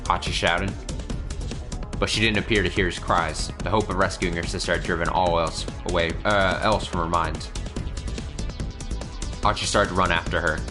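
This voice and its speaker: Here a streamer with a low, even voice works through a visual novel at a normal pace, reading the story text and stopping to laugh or remark on it. Music runs in the background.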